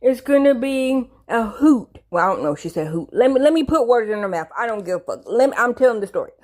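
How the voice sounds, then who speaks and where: A woman talks straight to her viewers in a casual comedic rant at an everyday mid-range pitch. She rambles, circles back to repeat her points and swears freely. She swings between playful teasing and sudden emphasis. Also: sing-song, very fast. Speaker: commentator.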